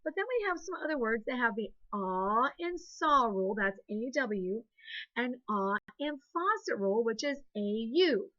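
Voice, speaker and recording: Fairly high in pitch and fairly bright in tone, this woman's voice is recorded with the highs cut off. She comes from Ohio, speaks with an Ohio accent, and teaches a sing-song, patient, encouraging second grade phonics lesson where pupils respond in call-and-response.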